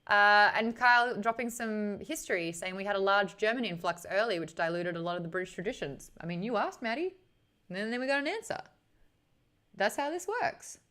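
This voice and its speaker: A young woman with an Australian accent chats on a live stream and reads viewer comments aloud. Her voice sits at a medium pitch for a woman, and her talk is chatty and bubbly, with quick laughs between comments. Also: lively intonation, bright, forceful tone.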